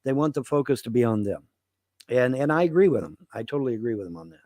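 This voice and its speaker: A man's voice: mid-range voice, big pitch swings, fast, warm tone, no room sound. A man co-hosting a casual livestream chat, talking in a profane, rambling and emphatic way. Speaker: livestream co-host.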